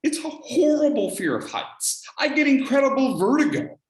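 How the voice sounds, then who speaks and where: A speech contest speaker telling a dramatic personal story, acting out scenes and swinging between hushed lines and shouts. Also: high voice, moderate pace. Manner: animated, acts out scenes, shifts from hushed to shouting. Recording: roomy echo.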